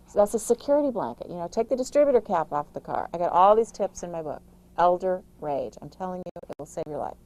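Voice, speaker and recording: A middle-aged woman, an author, giving emphatic, rapid-fire caregiving advice in an interview, with frequent restarts. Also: lowish voice, animated, a little mellow, low-quality recording. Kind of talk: interview answers.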